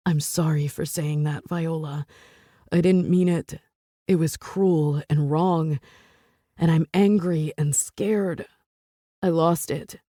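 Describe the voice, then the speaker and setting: A woman voicing a furious, protective male boss and father in an audiobook, accusing at first, later murmuring low and remorseful. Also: steady tone, slow, dark tone, dry recording, studio quality.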